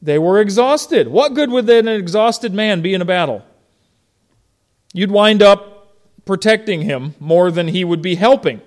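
A middle-aged man preaching a sermon in a conversational way, asking his congregation questions and telling stories from home. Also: sits high. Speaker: pastor.

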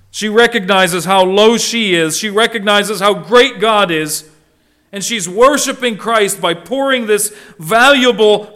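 A middle-aged man preaching a sermon as a pastor, emphatic, with hushed asides and raised voices for quotes. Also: sits high.

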